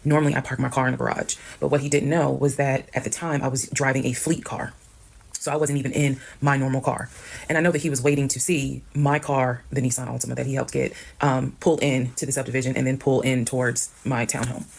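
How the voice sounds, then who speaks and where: Fast-talking woman with a gravelly voice. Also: a bass voice, flat delivery. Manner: brisk, matter-of-fact recounting, acting out quoted people. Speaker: storyteller recounting her own experience. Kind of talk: casual storytime monologue.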